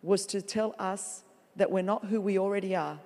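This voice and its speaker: A woman preaching a sermon as a guest speaker in a large church, animated and playful, with comic asides. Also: mid-range voice, moderate pace. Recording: long reverb of a large hall.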